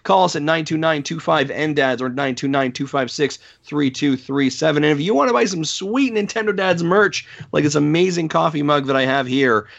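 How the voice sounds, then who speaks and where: A man hosting a podcast, wrapping up the show with shout-outs and plugs, upbeat with wry asides. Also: a little high, normal speed, vocal fry, hardly any pauses, highs cut off. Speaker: podcast host.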